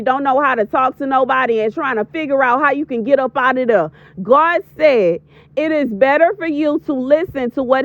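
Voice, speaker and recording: A woman's voice: high voice, no echo. A woman in her thirties giving an emphatic, preachy prophetic warning as a voiceover, repeating lines for stress. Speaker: prophetic video creator. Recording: dull lo-fi voiceover.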